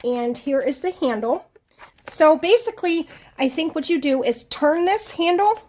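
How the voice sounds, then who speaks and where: A young woman with a high, bright voice talks through a product review for her vlog. She is chatty and animated and laughs easily as she goes. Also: unhurried. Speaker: vlogger.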